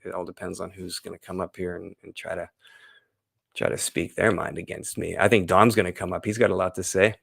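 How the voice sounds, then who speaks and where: A man hosting a casual live stream, chatting loosely and reading scripture slowly and dramatically. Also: deep voice, level tone, vocal fry, fairly bright tone, breathy edge. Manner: loose, rambling, playful.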